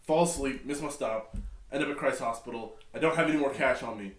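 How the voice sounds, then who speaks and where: A man's voice: mid-range voice, fairly quick, recorded from a distance. A young man telling a story in a casual, slangy chat, with frequent laughter. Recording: echoey room, away from mic.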